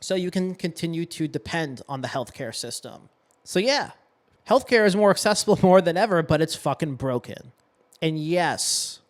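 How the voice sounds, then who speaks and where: A young adult man from Massachusetts, a podcast host and coach delivering an impassioned, preachy monologue with emphatic stress and blunt swearing. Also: a little high. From Massachusetts, USA. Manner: preachy, emphatic, with profanity and self-corrections.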